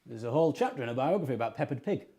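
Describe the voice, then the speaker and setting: A man co-hosting a comic show, bantering playfully with a guest, talking quickly and often chuckling. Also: medium pitch, expressive, dark tone. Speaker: co-host of a comic online show.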